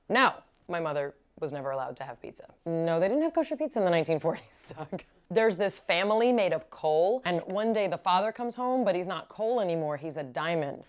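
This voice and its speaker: A woman vlogger telling jokes straight to camera, with a voice pitched a little lower than most women's. Her delivery is casual and animated, and she laughs at her own punchlines.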